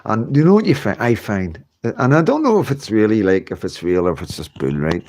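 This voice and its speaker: A man's voice: on the low side, sing-song, fairly quick, a little mellow. A man, hosting a casual livestream from home, chatting and reading out viewer comments in a rambling way with frequent laughs. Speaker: livestream host.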